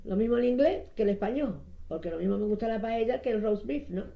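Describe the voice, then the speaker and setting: A woman's voice: on the high side, very fast, vocal fry. A woman chatting cheerfully and matter-of-factly in an interview, mixing Spanish and English. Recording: muffled, dull sound.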